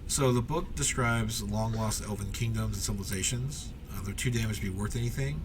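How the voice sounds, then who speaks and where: Man narrating as dungeon master, lowish voice, hesitant filler-heavy reading, clear background noise. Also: brisk. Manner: reads room descriptions with frequent uhs and ums. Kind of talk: narrating a tabletop game.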